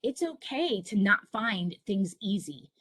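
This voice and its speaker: A woman's voice: mid-range voice, very animated, measured pace, a bit bright, breathy edge, no echo. A middle-aged woman presenting to parents over a video call, telling personal stories in an earnest, encouraging way. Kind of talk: online presentation for families.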